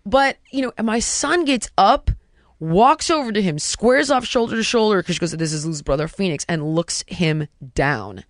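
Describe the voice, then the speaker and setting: A woman in her thirties telling a personal story in casual conversation, animated and emphatic, stringing rhetorical questions and dropping to a hush for quoted words. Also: mid-range voice, moderate pace, no room sound, clean studio sound.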